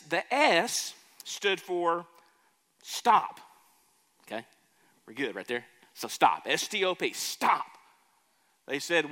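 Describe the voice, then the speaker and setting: Slow-preaching man in a reverberant hall. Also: on the high side, pushed and bright. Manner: emphatic preaching, slows and rises on key words. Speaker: pastor. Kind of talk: sermon.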